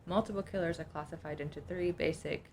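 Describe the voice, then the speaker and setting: A woman's voice: fairly low pitch, fairly even intonation, fast, a little mellow, a little hiss or hum. A woman co-hosting a casual podcast, reading from her notes and chatting between them. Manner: reads notes aloud, chatty, laughs easily. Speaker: podcast co-host.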